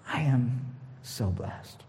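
A middle-aged man preaching a personal sermon as a pastor, expressive and laughing, moving between loud bursts and hushed asides. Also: medium pitch. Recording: long hall reverb.

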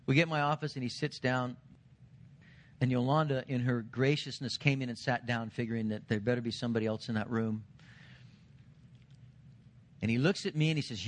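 Earnest man preaching a sermon. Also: fairly quick. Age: 40s or older. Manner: earnest preaching, rising to emphatic lines then dropping low. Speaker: senior pastor.

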